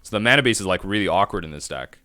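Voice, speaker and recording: A man with a low voice that swings up and down with a bright, forceful edge, commentating his own game on a live stream. He rambles through his thinking out loud and restarts his sentences as he works out each play. The sound is dry and close, with no room around it. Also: expressive, very fast, dry recording. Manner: thinks aloud, rambling self-talk with restarts. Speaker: streamer playing a card game.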